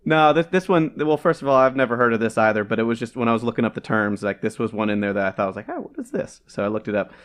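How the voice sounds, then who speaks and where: A man's voice: medium pitch, fairly even intonation, very fast, hardly any pauses, fairly bright tone, clean tone. A man co-hosting a podcast in casual chat, rambling along with frequent restarts and laughter. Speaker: podcast co-host.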